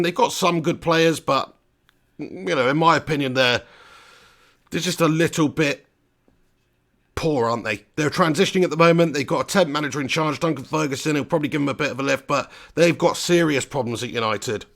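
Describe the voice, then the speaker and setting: Watch-along host, raised pitch, gravelly edge, chatty, flares into excited calls. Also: male voice. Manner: chatty, bursts into excited play-by-play. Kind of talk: live commentary and chat reading.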